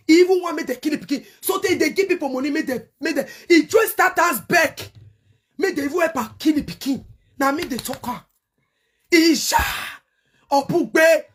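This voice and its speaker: A middle-aged Nigerian woman hosting her online show, angrily cursing and shouting in bursts as she rants to her viewers. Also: sits high, slight background noise. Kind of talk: heated rant to viewers.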